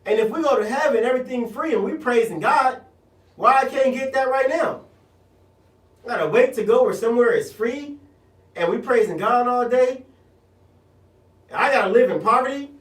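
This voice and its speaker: A man's voice: very high voice, moderate pace, long pauses, roomy sound, far from the mic, low-quality recording. A man from South Central Los Angeles with a Los Angeles accent, hosting a radio show and ranting bluntly in slang. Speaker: radio show host, political candidate. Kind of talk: animated monologue.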